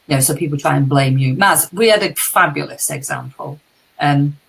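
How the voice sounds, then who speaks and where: A British woman co-hosts a casual live chat in a low, gravelly voice. She tells candid stories and swears freely. Her tone has a husky edge. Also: normal speed, a bit bright, rough recording. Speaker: co-host, life coach.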